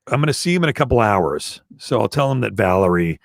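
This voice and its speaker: A man's voice: fairly low pitch, big pitch swings, fast talker, vocal fry, no echo, clean studio sound. A man co-hosting a podcast live from home, joking, playful and teasing while reading out fan messages. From Canada. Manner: playful, joking, drops into mock accents. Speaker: podcast co-host. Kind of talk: casual live-stream chat. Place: at home, indoor room. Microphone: webcam or computer mic.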